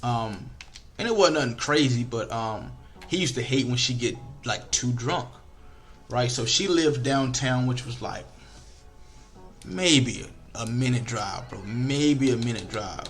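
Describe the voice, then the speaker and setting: Over a football video game, a young man gives casual, frustrated commentary, animated and swearing often as he moves between rants and storytelling. His speech carries African American Vernacular English patterns. His voice is medium in pitch and unhurried, with soft music in the background.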